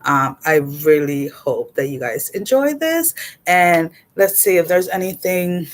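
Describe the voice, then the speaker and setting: A woman in her forties chatting casually on a livestream as a card reader, her voice sitting a little low. She talks in an animated, blunt way, laughing often and swearing without fuss. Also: a little slow. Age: 40s.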